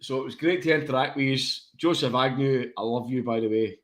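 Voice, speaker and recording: A man's voice: mid-range voice, fairly quick. A tipsy Scottish man co-hosting a casual fan podcast, boisterous and sweary, laughing a lot. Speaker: podcast co-host.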